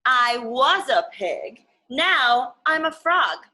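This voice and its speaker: A woman's voice: sits high, very animated, drawn-out words, bright, forceful tone, full character voice. A woman voicing a cheerful, playful young female pig in a storybook reading, with a bouncy, eager manner.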